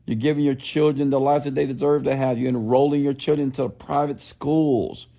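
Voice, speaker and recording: A man speaks in a blunt, preachy motivational style, repeating questions like a preacher working a crowd. His voice is gravelly with a fry at the edges, and the tone sits dark and mellow. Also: mid-range voice, flat delivery, fairly quick. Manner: preachy, repetitive call-and-response questions; blunt, scolding. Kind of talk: motivational livestream talk.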